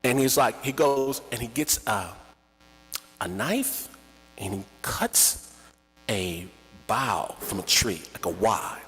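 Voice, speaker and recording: A man telling a personal story live, in an animated, theatrical and conversational way, with a slightly husky voice. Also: on the low side, slow pace, pauses often, soft background music. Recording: echoey hall with long reverb.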